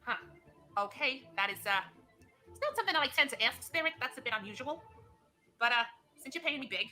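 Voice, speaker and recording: A theatrical fake psychic, played by a woman, speaks in a bright, fairly high voice with a patronizing air. She keeps calling her client honey, and faint music runs underneath. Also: animated, brisk. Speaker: comedic psychic.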